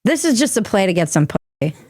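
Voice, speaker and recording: A woman's voice: mid-range voice, big pitch swings, fast talker, a little mellow, faint music behind. A woman hosting a comedic news commentary show, irreverent and crude in her jokes. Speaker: host.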